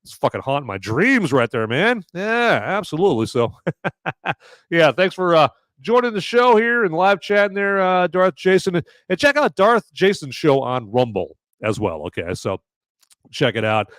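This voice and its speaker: A man's voice: fairly high pitch, moderate pace, dry recording, studio quality. A man hosting a live podcast, bantering casually with his chat and swearing freely. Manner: animated and profane, bantering with chat. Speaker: podcast host.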